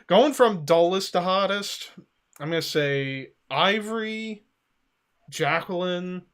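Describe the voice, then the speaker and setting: Man, high voice, bright sharp tone, jokey podcast chat. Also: expressive, slow pace, clean tone. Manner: jokey, laughing, does mock impressions. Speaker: podcast co-host. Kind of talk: casual chat.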